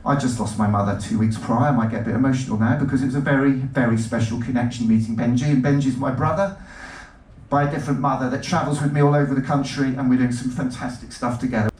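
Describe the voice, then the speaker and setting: A man giving an animated stage talk to an audience, jumping between stories and cutting himself off mid-word. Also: mid-range voice. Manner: animated, jumpy, self-interrupting. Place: lecture hall. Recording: roomy hall, mic at a distance.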